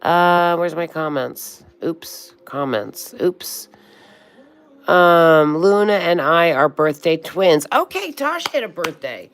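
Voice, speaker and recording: A woman in her sixties hosts a relaxed livestream, greeting viewers as honey and sweetheart. Her chat is loose and friendly with the odd swear word. Her voice sits a little low. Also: slow. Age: 60s. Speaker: livestream host. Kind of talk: casual livestream chat reading comments.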